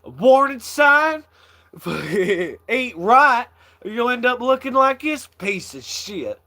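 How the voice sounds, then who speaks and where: A man's voice: extremely high pitch, sing-song, takes it slowly, sharp tone, voice pushed up, exaggerated voice. A man voicing a brash, crude redneck comedian, delivering rowdy punchlines in a raised voice.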